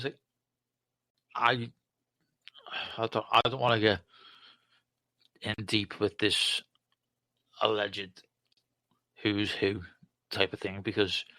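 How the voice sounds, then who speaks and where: A man, a guest on a live talk show, speaking haltingly with repeated words, hurt and confrontational. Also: lowish voice, bright, forceful tone, no echo.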